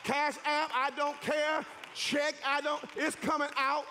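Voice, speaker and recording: High-voiced fervent male preacher. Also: little pitch movement, a little slow, a faint crowd, slight background noise. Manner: fervent, shouting with emphatic repetition. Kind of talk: sermon. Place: church sanctuary.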